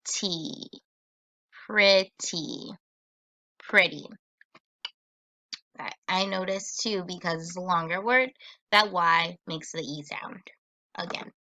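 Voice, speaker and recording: A woman teacher giving a recorded phonics lesson for children, sounding out words slowly and patiently. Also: lowish voice, bright, forceful tone, dry recording.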